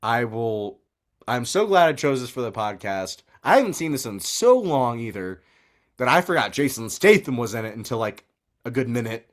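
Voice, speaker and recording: Man, podcast co-host, lively swinging pitch, profane and rambling casual chat. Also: moderate pace. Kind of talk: casual movie review chat.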